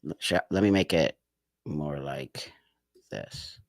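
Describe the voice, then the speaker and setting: A man's voice: a bass voice, big pitch swings, slow pace, vocal fry, no room sound, studio quality. A man hosting a live stream, giving emphatic, indignant commentary with many rhetorical questions. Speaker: livestream host.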